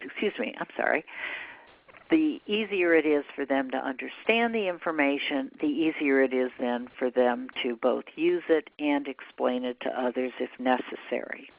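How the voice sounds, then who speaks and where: A woman's voice: a bass voice, moderate pace, vocal fry. An older woman giving a presentation on plain writing, explaining points step by step and walking through examples on slides. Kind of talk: lecture presentation. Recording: dry, tinny phone-like sound.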